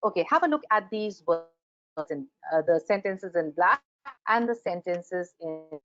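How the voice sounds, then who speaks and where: A woman with an Indian English accent gives a grammar webinar lecture, animatedly acting out example sentences. Her fairly low voice is unhurried, and the lo-fi sound comes through a computer microphone on a video call.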